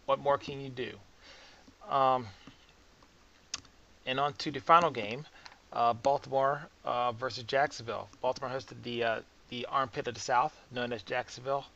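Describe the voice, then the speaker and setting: A man's voice: medium pitch, fairly even intonation, normal speed, gravelly, sharp tone, highs cut off. A man giving casual, sarcastic football commentary on his own channel, rambling with lots of fillers. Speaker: sports commentary vlogger.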